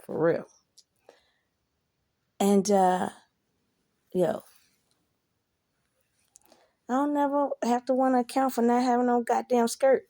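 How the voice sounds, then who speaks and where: A woman's voice: a little high, fairly even intonation, takes it slowly, pauses often, mellow. Profane woman telling a story. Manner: profane, rambling, asks listener "you know?". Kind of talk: casual storytelling.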